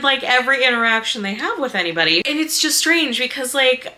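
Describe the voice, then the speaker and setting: Bright-voiced chatty young woman. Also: sits high, lively intonation, a little fast, hardly any pauses. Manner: chatty, rambling, repeats herself. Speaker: book reviewer. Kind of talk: casual vlog chat.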